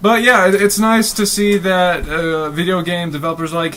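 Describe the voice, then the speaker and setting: Young guy co-host, easygoing and jokey, slightly high voice, casual banter. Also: level tone, a bit bright. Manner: laid-back, quick to agree and joke. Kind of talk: casual review chat.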